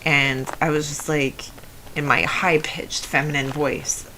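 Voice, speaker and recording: A young adult woman with a low voice often taken for a man's, telling a personal story in a rambling way with many fillers and restarts. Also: flat delivery, slow, bright, forceful tone, slight background noise, low-quality recording. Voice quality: low voice often heard as male. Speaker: video essayist.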